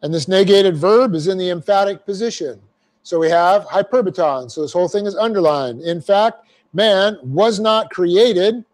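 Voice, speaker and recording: The speaker is a man with a high, somewhat dark-toned voice who talks a little fast. In his verse-by-verse Bible class he explains Greek grammar step by step, with folksy asides and phrases repeated for emphasis.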